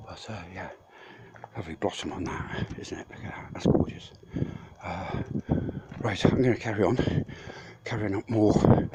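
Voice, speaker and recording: A man walks and talks on a mountainside, chatting to his followers in a loose, rambling way with plenty of swearing. He is short of breath from lugging loads uphill. The phone recording has clear wind and outdoor noise behind him. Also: on the low side. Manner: rambling, swears freely, chatty asides to viewers. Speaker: vlogger. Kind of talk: casual walking vlog.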